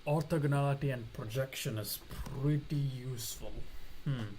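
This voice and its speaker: A man's voice: mid-range voice, normal speed, a little hiss or hum, poor audio. A man streaming live, muttering and swearing to himself as he repeats his own phrases. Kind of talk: casual livestream chat.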